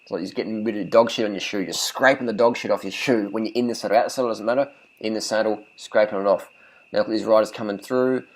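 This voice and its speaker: A man's voice: on the low side, steady tone, quick pace, rough recording. A man talking casually as a cycling vlogger, giving blunt and profane riding tips, and repeating phrases for emphasis.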